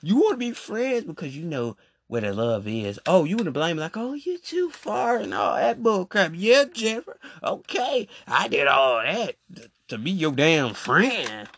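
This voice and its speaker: In a dry recording, a young adult man with a voice on the high side hosts a solo podcast at a moderate pace. He animatedly and repeatedly calls out the friends who did him wrong.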